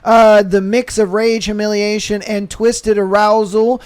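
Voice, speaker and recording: A man co-hosting a podcast, telling a profane story in a casual, animated way with lots of fillers. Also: sits high, measured pace, smooth. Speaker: podcast co-host. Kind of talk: casual chat.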